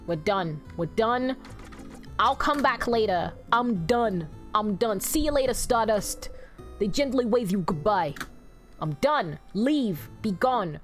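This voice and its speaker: A woman streaming a video game, reading its dialogue aloud and swearing at the screen. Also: a little high. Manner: profane, loud outbursts at the screen. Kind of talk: casual game stream commentary.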